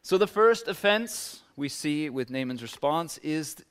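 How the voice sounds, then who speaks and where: Guy preaching a sermon, chatty and loose, pitch jumps up when he acts out the bible characters. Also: expressive, measured pace, hardly any pauses, a bit bright. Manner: conversational, acts out biblical figures' words with rising pitch. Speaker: pastor.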